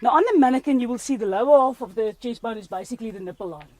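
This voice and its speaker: A woman's voice: on the high side, very fast, darkish tone, dry recording. A woman teaching a first-aid class, quizzing her student and joking with frequent laughter. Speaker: CPR instructor.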